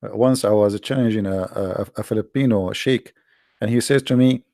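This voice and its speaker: A man's voice: fairly low pitch, moderate pace, mellow, no echo, clean studio sound. A man from the Arab world with an Arabic accent, hosting a casual commentary in a mocking, sarcastic manner. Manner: mocking, sarcastic, jumps into voices. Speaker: host.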